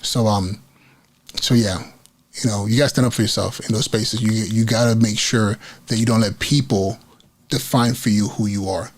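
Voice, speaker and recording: A school principal hosting a podcast earnestly recounts a story from his career as an educator in a personal monologue, acting out the quotes and frequently restarting. He speaks at a normal pace in a fairly low, fairly even voice.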